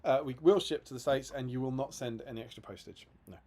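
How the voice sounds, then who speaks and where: A man's voice: mid-range voice, quick pace, warm tone. Chatty man reading out viewer comments. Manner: chatty and amused, laughs often. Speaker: livestream co-host. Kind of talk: casual live-stream chat, reading viewer comments.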